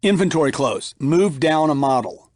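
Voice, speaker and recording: Middle-aged male sales trainer, emphatic, acts out customer lines, slightly high voice, dry close mic. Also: animated, normal speed, darkish tone, no echo. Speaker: sales trainer reading his audiobook. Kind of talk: instructional audiobook narration.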